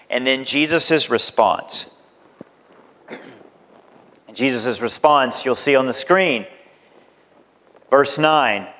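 A man preaching a sermon as pastor, emphatic and deliberate, with dramatic swings in his voice. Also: a little high, a bit bright. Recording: long hall reverb.

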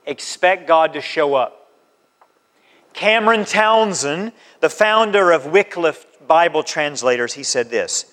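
A man with a high voice preaches a sermon, urging his listeners again and again and acting out little conversations as he goes. His voice rings out with a long reverb, as if in a large church hall. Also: animated, a little slow, fairly bright tone. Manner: exhorting, repetitive, acts out conversations. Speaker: pastor.

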